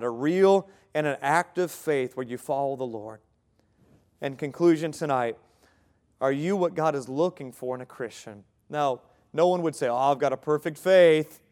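A man's voice: fairly high pitch, darkish tone. A man preaching an evening sermon, earnest and direct, asking the listeners questions and now and then laughing lightly. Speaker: pastor.

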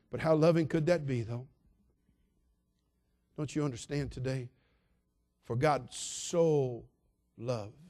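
A male pastor delivering an emphatic, repetitive sermon, dropping soft and then building loud. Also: medium pitch.

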